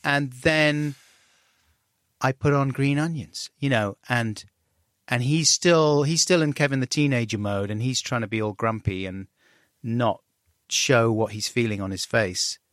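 A middle-aged man telling a candid story as an interview guest, self-deprecating, and animated when he acts out dialogue. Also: mid-range voice, a little slow, dry recording, clean studio sound.

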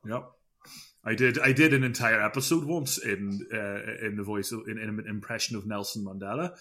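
A man's voice: on the low side, fairly even intonation, moderate pace, sharp tone. A man co-hosting a podcast in casual chat, rambling and self-deprecating, laughing often. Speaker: podcast co-host.

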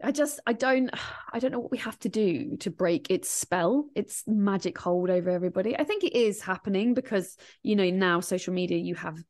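A woman speaks as a podcast guest in loose, casual conversation. She rambles through her answers with a lot of energy, peppers them with swearing, and breaks into laughter often. Her voice sits at an ordinary middle pitch. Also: lively intonation, brisk, a little mellow. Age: adult, grieving since 1998. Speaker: guest, grief podcast host and author. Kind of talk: casual interview chat.

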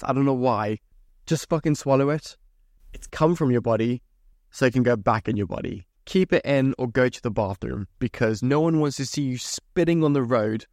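A young man rants on his own solo podcast, sounding casual, sweary and exasperated. His voice sits in the mid range with a darkish tone, and the recording is dry with a clean studio sound.

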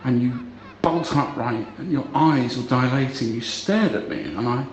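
A man leaving a halting, stammering voicemail for a friend in a comic sketch. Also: mid-range voice, slight background noise. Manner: halting, stammering, grows exasperated and shouting. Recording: roomy, dull recording with faint ambience.

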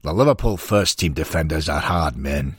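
Man doing a warm Scottish football boss. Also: rumbling low, animated, breathy edge, no echo, studio quality, full character voice. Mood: warm teasing. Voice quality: Scottish burr. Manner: humorous, fatherly, drawn-out "eh"s. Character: warm joking older Scottish football manager.

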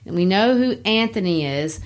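A woman's voice: mid-range voice, expressive, normal speed. A woman teaching a literature lesson in a casual way, explaining scenes and paraphrasing lines in plain words.

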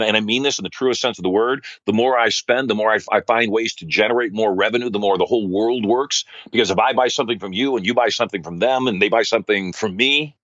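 Man, middle-aged, low voice, animated storyteller, dry slightly dull sound. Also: dry recording. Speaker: guest, wealth coach. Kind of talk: storytelling interview answers.

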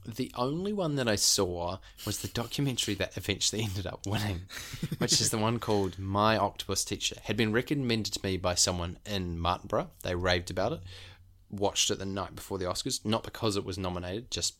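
Deep-voiced man chatting on a podcast. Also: a little fast, a bit bright. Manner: rambling, enthusiastic, many fillers. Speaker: podcast co-host. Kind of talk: casual podcast chat.

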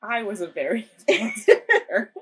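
A woman's voice: mid-range voice, sing-song, normal speed, rough recording. A young woman co-hosting a casual chat about a ghost-hunting show, playful and giggly. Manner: playful, giggly, acts out quotes. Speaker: podcast co-host.

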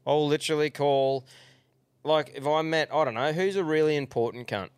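A man's voice: on the high side, normal speed, clean tone, no room sound, studio quality. A man with an Australian accent co-hosting a podcast in casual chat, blunt and sweary with matey banter. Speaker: podcast co-host.

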